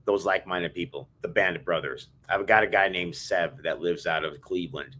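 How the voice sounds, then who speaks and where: A man's voice: low-pitched, normal speed, pushed and bright. A man co-hosting a podcast, telling stories in a fired-up, emphatic way. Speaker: podcast co-host. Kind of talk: casual chat.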